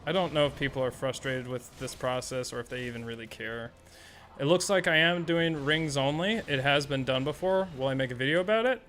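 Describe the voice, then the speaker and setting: A young man chatting casually on a live gaming stream, excitable and rambling, swearing freely. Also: mid-range voice, brisk.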